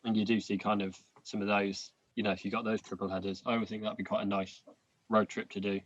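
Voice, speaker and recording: A man's voice: lowish voice, level tone, quick pace. Male podcast co-host, hesitant rambling chat, muffled lo-fi sound. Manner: rambling, hesitant, laughs a lot. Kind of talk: casual chat. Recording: dull lo-fi.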